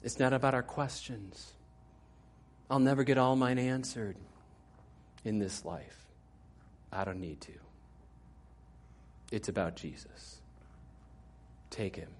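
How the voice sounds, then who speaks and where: A male pastor preaching a sermon in a conversational way, with fillers and asides to the congregation, going soft and quiet toward the end. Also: medium pitch, slow pace, pauses often. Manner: drops to a soft, quiet tone at the close.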